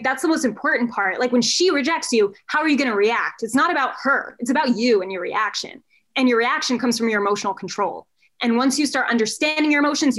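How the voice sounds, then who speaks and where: A woman's voice: on the high side, a bit bright. A woman coach who works with men, talking candidly in a casual podcast conversation and swearing often.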